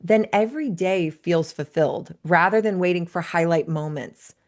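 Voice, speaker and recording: Low-voiced woman coach, earnest. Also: moderate pace, darkish tone. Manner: earnest, reflective storyteller. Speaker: podcast guest, life coach. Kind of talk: conversational interview.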